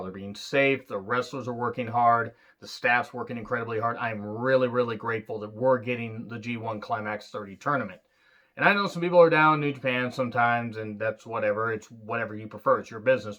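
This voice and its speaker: Excitable man reviewing wrestling. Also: medium pitch. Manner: excitable, swears freely, rambling asides. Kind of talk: casual solo review.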